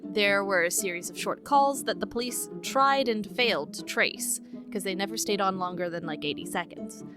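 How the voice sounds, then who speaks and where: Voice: medium pitch, moderate pace, over music. A woman co-hosting a podcast, retelling a case from her notes in casual chat and laughing often. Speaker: podcast co-host.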